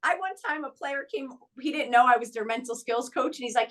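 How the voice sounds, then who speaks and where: A woman speaking as a mental skills coach in a podcast interview, animated and emphatic, acting out quoted dialogue with lively swings. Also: high voice, fast talker, hardly any pauses.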